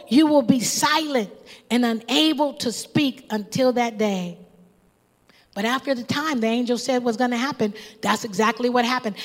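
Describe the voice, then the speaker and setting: A woman's voice: high voice, a bit bright. A woman preaching a sermon, impassioned and calling out to the congregation. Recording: long reverb.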